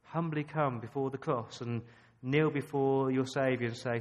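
Emphatic Australian preacher man. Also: mid-range voice. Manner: emphatic, rhetorical questions, dramatic pauses. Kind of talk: sermon.

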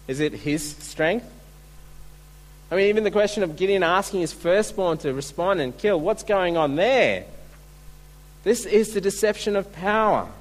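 A man's voice: high-pitched, low-quality recording. A man preaching a sermon, earnest and full of rhetorical questions. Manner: earnest, asks rhetorical questions, restarts words.

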